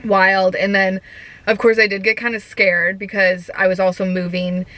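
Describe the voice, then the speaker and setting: A young woman vlogging in a casual, chatty way, full of "like" and quick laughs. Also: mid-range voice, level tone, fairly bright tone, no echo. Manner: chatty, giggly, lots of filler "like". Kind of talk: casual chat.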